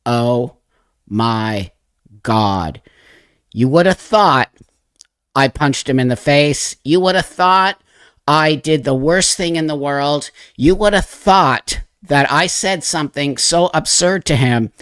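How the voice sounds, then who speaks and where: Man, 60s, livestream host, emotional, profane storyteller, slightly high voice, dry close sound. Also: a little slow, clear, resonant tone, no room sound. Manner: emotional, profane, animated retelling with acted-out quotes.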